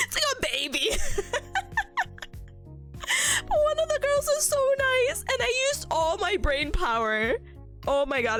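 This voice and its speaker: A woman's voice: extremely high pitch, normal speed. A young woman streamer chatting casually with her viewers, laughing often. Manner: giggly, animated, laughing often. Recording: faint music behind.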